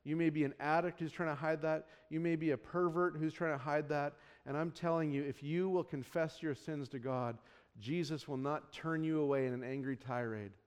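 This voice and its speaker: A man in his thirties preaching a sermon to his congregation, moving between soft, pleading passages and loud exclamations, and acting out quotes with put-on voices. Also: fairly high pitch, fairly even intonation, moderate pace, clean tone, in a large hall. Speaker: pastor.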